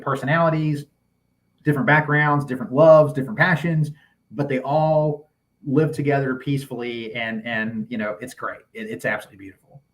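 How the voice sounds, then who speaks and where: A man's voice: medium pitch, poor audio. A man hosting a casual podcast chat about movies, enthusiastic, laughing often and restarting his sentences. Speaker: podcast host.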